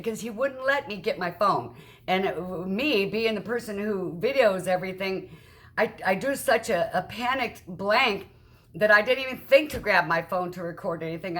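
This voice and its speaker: A woman vlogger telling a frightening personal story, shaken and halting, with many restarts and acted-out quotes in a raised voice. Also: mid-range voice, fairly bright tone. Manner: acts out quoted dialogue with raised voice. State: upset.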